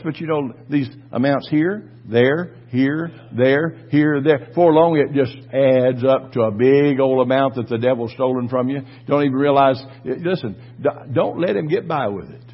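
A man preaching a fervent sermon, swinging between quiet asides and loud exhortation. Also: mid-range voice, moderate pace, slightly rough, muffled recording. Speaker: pastor.

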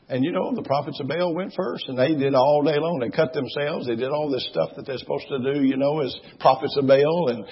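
A male preacher delivering a sermon, emphatic and repetitive, rising into loud exhortation. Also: medium pitch, breathy edge. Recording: dull lo-fi recording.

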